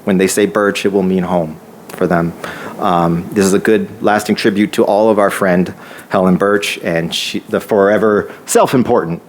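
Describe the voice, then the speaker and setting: A man's voice: low voice, fairly even intonation, moderate pace, noisy background. A man giving a speech at an opening ceremony, telling a personal story with many restarts. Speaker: housing nonprofit staff speaker.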